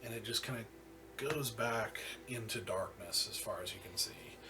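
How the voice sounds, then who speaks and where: A man narrating as game master of a tabletop game, halting with many fillers and restarts. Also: lowish voice. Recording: distant mic with music behind.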